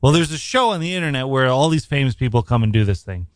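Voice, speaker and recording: A man co-hosts a casual podcast, drifting into long rambling anecdotes and laughing as he goes. His voice sits at an ordinary middle pitch. The recording is close and dry, with no room sound. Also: lively intonation, fast talker, no room sound. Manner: rambling storyteller, laughs often. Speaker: podcast co-host. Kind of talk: casual chat. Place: New York.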